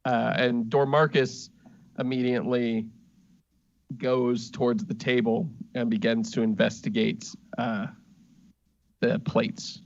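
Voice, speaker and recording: A man runs a tabletop game at a slow, halting pace and fills his pauses with ums and uhs. His voice has a middle pitch. The recording sounds dry and a bit muffled. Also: level tone, creaky, no room sound. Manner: halting, with many fillers. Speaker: game master.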